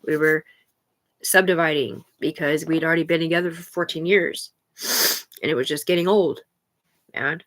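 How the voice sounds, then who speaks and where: A woman's voice: sits low, fairly even intonation, normal speed, long pauses, fairly bright tone. A woman talking alone on a live stream in a rambling, profane, agitated way, jumping from thought to thought.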